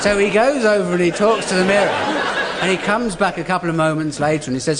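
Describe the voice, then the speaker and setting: A man on a comedy panel improvising a story, deadpan narration with brief character voices. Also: high-pitched, fast talker, heavy background noise. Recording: live radio recording with audience laughter.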